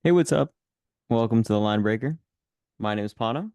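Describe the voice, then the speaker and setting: A man's voice: mid-range voice, lively intonation, a little fast, warm tone, no room sound, lo-fi sound. A man co-hosting a football podcast, chatting casually and teasing his co-host. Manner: teasing, joking.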